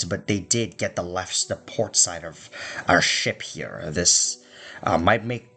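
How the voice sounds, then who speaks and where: A man's voice: low-pitched, fairly bright tone. A man narrating a tabletop game as game master and speaking for the figures, loose and hesitant, with many fillers.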